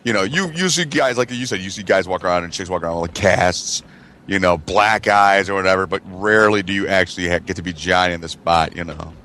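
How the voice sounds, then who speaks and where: A man's voice: deep voice, brisk, sharp tone, a little hiss or hum. A man telling a crude, slangy story with constant swearing on a casual podcast. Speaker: podcast co-host.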